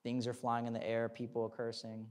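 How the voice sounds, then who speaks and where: A man's voice: mid-range voice, monotone, a little fast, darkish tone. A young man preaching a sermon in a conversational way, with repeated words and tag questions, building to fervent emphasis. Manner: repeats words and restarts, uses "like" and "right?".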